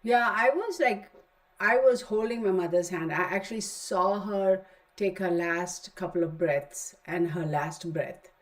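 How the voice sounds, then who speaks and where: A woman's voice: lowish voice, measured pace. A middle-aged woman with a Texan accent, hosting a tarot stream and telling a long story with many fillers. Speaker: tarot channel host. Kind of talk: casual livestream chat.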